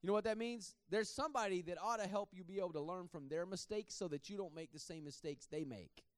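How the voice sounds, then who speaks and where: Male preacher, high-pitched, conversational sermon with self-deprecating laughs, dry sound. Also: fast talker, clean tone, no room sound. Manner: conversational, repeats words, laughs at himself.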